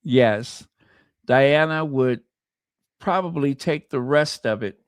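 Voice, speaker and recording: An American man hosts his own channel with casual, sassy commentary, mocking the people he talks about. He speaks at an unhurried pace in a mid-range voice, and the sound is dry and close. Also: medium pitch, no room sound. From United States. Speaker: channel host.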